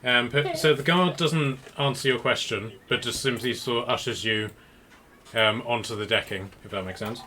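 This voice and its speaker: A man's voice: medium pitch, moderate pace, bright, forceful tone, slight background noise. A man narrating as game master, rambling with restarts and fillers.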